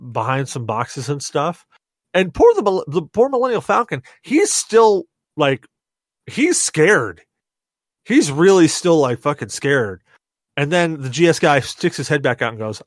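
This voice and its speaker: A young podcast host, a bit tipsy on rum, tells a story with loose, animated energy, swearing freely and laughing at his own punchlines. His mid-range voice sounds dry and close, with no echo or room sound.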